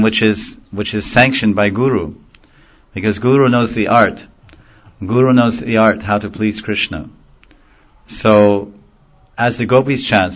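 A man teaching a devotional sermon in a gentle storytelling manner, chuckling now and then at his own jokes. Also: fairly low pitch. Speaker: spiritual teacher. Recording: dull lo-fi recording.

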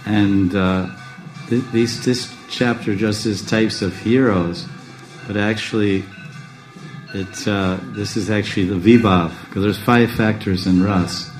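Deep-voiced male teacher, loose rambling class lecture, near-monotone delivery, faint music underneath. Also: slow, low-quality recording. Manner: rambling with restarts and chuckles; calls his own speaking monotone. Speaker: spiritual teacher.

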